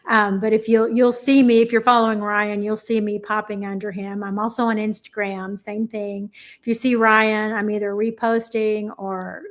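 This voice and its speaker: A woman's voice: medium pitch, level tone, moderate pace. Friendly, chatty woman on a livestream. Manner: friendly, chatty, laughs often. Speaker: co-host guest. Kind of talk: casual livestream chat.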